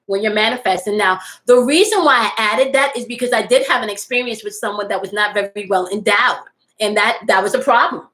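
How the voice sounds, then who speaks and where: A woman's voice: mid-range voice, brisk, a bit bright, rough recording. A woman in her forties hosting a casual spiritual live stream, speaking frankly and playfully to her viewers and laughing often. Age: 40s. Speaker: spiritual host reading live chat.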